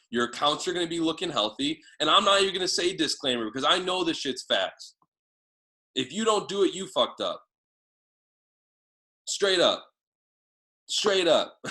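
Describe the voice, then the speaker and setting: A man leading a team sales training, talking excitedly and casually, swearing now and then as he fires up his audience. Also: on the high side, poor audio. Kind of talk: motivational training talk.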